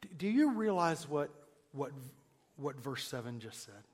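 A man preaching a sermon, emphatic, moving between hushed and loud passages. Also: mid-range voice, big pitch swings, unhurried. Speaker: pastor. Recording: long hall reverb.

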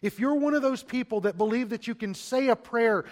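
With a high voice and lively intonation, a pastor preaches, naming his audience "beloved" and asking rhetorical questions. He shifts from loud, emphatic lines to soft near-whispers, leaving long, dramatic pauses in between.

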